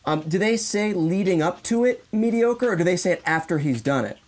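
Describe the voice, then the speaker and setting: A man co-hosting a podcast, chatting casually and asking questions with quick restarts. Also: high voice, animated. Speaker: podcast co-host. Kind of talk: casual chat.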